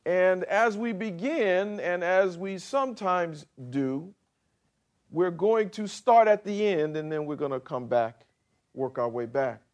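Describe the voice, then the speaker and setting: A middle-aged male pastor preaching a sermon, slow and emphatic, swinging from quiet to loud for effect. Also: sits high.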